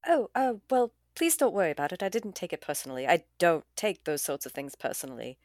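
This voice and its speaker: A woman's voice: fairly low pitch, big pitch swings, quick pace, a little mellow, dry recording, studio quality. A woman playing a tabletop game, speaking politely and graciously in character. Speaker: player.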